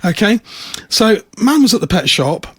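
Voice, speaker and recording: Husky man, jokey podcast co-host. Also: high voice, big pitch swings, normal speed, dry recording. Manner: jokey, playful storyteller. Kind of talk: casual chat.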